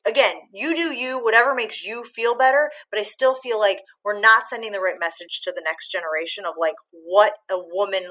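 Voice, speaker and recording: Chatty Midwestern woman, bright voice. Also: medium pitch, a little fast, hardly any pauses, poor audio. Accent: Midwestern American. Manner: chatty, frank, laughs easily, many fillers. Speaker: sports reporter, guest. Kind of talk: candid interview answers.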